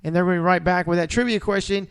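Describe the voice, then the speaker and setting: A man's voice: high voice, fast talker, clean tone. A man hosting a casual internet radio show, upbeat and promotional as he talks.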